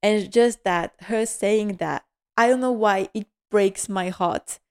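A woman hosting a podcast, giving a casual episode recap in a quick, emotional, heartfelt way. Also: medium pitch, a little mellow, clear, resonant tone. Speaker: podcast host.

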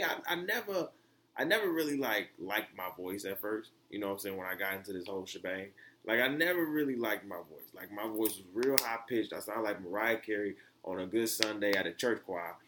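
Male solo podcast host from the US, loose and rambling, full of restarts, with a voice that leaps upward when he gets fired up. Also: fairly quick. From United States. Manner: rambling, animated, many fillers and restarts, voice jumps high when excited. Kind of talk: casual solo podcast monologue.

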